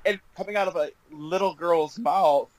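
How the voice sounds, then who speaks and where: Rambling, chatty young man, podcast co-host, slightly high voice. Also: normal speed, rough recording. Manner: chatty, rambling with many fillers, laughs often. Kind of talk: casual podcast chat.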